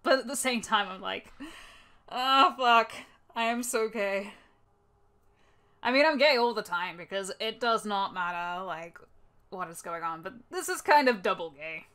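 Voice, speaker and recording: A woman's voice: medium pitch, animated, normal speed, a bit bright. Giggly, sweary Australian woman. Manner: swears a lot, self-mocking and giggly. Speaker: voice actor auditioning. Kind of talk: casual chat between takes.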